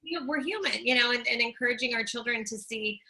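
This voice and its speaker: A woman's voice: a little high, quick pace, pushed and bright. A woman co-hosting a casual conversation, talking reflectively in loose sentences full of fillers. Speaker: co-host.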